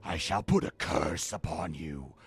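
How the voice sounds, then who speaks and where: A man's voice: very deep voice, vocal fry, breathy edge, pitched below the performer's own voice, exaggerated voice. A man putting on a grave, menacing elf villain. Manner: slow, grave pronouncements. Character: menacing male elf villain issuing curses. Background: background music.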